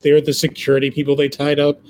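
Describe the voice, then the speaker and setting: A man's voice: fairly high pitch, monotone, fast, a little mellow. Puzzled man with faint background noise. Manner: puzzled, questioning, retelling scenes. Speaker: podcast co-host. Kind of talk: casual chat reviewing TV episodes.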